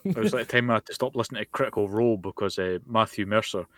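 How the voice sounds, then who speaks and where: A man's voice: fairly low pitch, racing, a bit bright, no echo. A Scottish man co-hosting a podcast over a remote call, ranting wryly and sarcastically in casual chat. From Scotland. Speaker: podcast co-host. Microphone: remote call mic.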